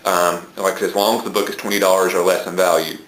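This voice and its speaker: Low-voiced Southern US man, hesitant. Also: little pitch movement, fast, fairly bright tone. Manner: hesitant, many ums. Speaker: book reviewer. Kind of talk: casual video blog talk. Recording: echoey room.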